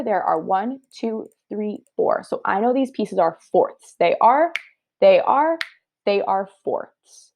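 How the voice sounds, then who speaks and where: A woman's voice: mid-range voice, creaky, dull audio. A woman teacher giving a third-grade math review lesson, upbeat and encouraging, talking through each step aloud.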